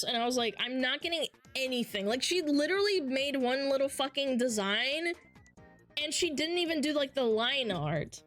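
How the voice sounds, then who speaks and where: A woman with a fairly high voice streams as a VTuber and talks casually into her headset. She is animated and swears freely. Faint music plays underneath.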